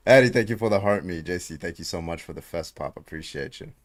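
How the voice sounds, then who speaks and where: A man with a notably low, deep voice hosts a casual livestream debate. He is brash and hyped, swears freely and fires questions at callers. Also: expressive, fast. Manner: hyped, brash, profane, calls out viewers.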